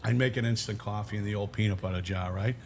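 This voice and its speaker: A man's voice: lowish voice, fairly even intonation, fast talker, creaky, a little hiss or hum. Streetwise middle-aged man telling prison stories. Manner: streetwise, rambling, swears freely. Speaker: podcast guest, former inmate. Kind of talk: casual storytelling.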